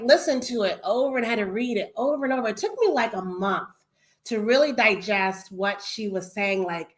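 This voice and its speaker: A woman's voice: mid-range voice, normal speed. A woman co-host in a casual chat over a video call, enthusiastic and affirming.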